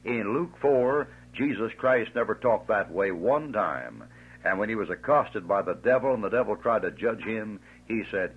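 A man's voice: lowish voice, lively intonation, normal speed, slight background noise. A man preaching a fiery sermon, emphatic and scornful, stretching out his stressed words. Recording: tinny lo-fi old tape.

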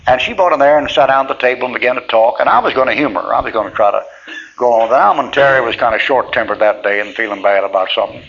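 A man's voice: mid-range voice, rapid-fire, vocal fry, a bit bright. A middle-aged male preacher, telling church stories in a folksy, plainspoken way with frequent chuckles. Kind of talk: folksy sermon storytelling. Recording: dull lo-fi tape with faint hiss.

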